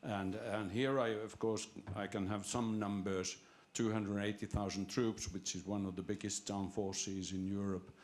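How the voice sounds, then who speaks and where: A man asking a long, halting question from the floor at a seminar, full of restarts and fillers. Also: on the low side, flat delivery, darkish tone. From Finland. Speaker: audience member asking a question.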